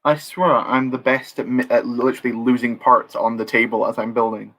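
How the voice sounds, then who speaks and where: Building Lego on a live stream, this young man keeps up relaxed chat with viewers, reading their messages aloud and joking at his own expense. His everyday mid-range voice is fairly bright, with flat delivery and a slightly fast pace.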